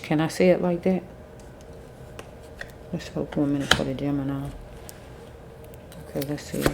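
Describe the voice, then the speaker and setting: A woman giving a casual tarot reading, thinking aloud with pauses, chewing a mint as she talks. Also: sits low, steady tone, creaky, noisy background. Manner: chewing a mint while talking. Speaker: tarot reader.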